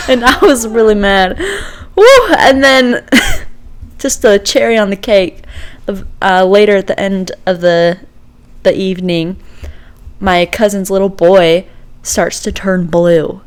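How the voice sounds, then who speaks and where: Woman, podcast co-host, casual storytelling, animated, laughs often, acts out quoted voices. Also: medium pitch, takes it slowly.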